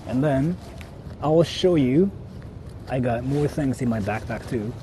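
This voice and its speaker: A man's voice: mid-range voice, expressive, unhurried, warm tone, a little hiss or hum. A young man vlogging outdoors, talking casually with lots of swearing, laughing and repeating himself. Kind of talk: casual IRL vlog. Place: outdoors in a city.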